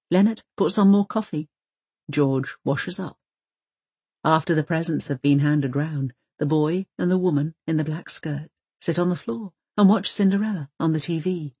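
Low, husky woman narrating a novel. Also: darkish tone, no room sound. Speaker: audiobook narrator. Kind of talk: scripted audiobook narration.

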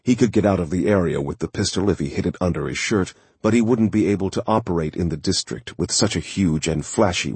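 A man narrating a thriller audiobook in a steady, measured way. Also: deep voice, breathy edge, no room sound.

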